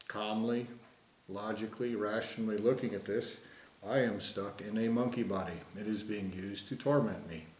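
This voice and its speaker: A man's voice: lowish voice, darkish tone. A man in an angry, profane monologue, insisting with repeated phrases and mocking others in put-on voices. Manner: mocks others with sing-song put-on voices. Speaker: vlogger. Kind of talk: ranting monologue to camera. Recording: roomy echo.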